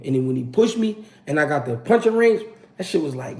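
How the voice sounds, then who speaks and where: A man's voice: fairly high pitch, big pitch swings, a little fast, a little mellow. A man, hosting his channel and telling a story to a live audience in a casual, slangy and profane way, acting out the quotes. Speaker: channel host.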